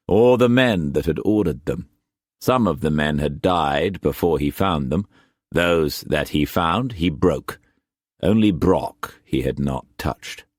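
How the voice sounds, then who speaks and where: A man narrating a historical novel in a measured storytelling manner. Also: deep voice, no echo, studio quality. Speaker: audiobook narrator. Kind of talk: scripted narration.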